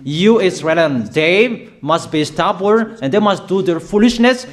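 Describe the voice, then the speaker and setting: Preacher, male, higher-pitched, slow and emphatic, declaiming prophecy. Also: expressive. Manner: declaiming, emphatic, repeats warnings, halting fillers. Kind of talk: prophetic sermon.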